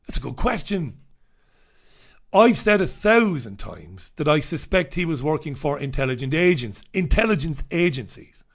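A man's voice: fairly high pitch, very animated, normal speed. A man hosting a live stream, running through newspaper stories and viewer comments with sardonic, rambling asides. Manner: sardonic, wry asides and scoffing; loose, rambling delivery with repetitions. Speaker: livestream host reviewing newspapers and viewer comments.

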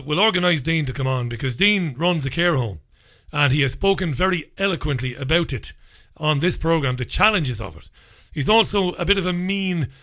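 A man's voice: fairly high pitch, pushed and bright. A man hosting a talk radio show, rambling through listener messages in a sarcastic, mocking monologue.

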